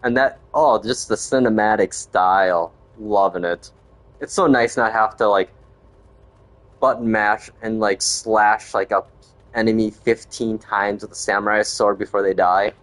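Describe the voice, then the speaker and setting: A man's voice: on the low side, steady tone, measured pace. A middle-aged man giving casual, rambling commentary while playing a video game, dropping "man" and "yo" as he goes. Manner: rambling, laid-back, says "man" and "yo". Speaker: gaming channel host.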